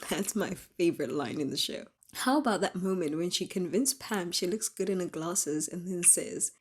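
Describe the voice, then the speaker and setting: Casual youtuber lady reading out comments, low-ish husky voice, playful and chatty. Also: normal speed, darkish tone. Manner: chatty and playful, laughs often. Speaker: YouTube host.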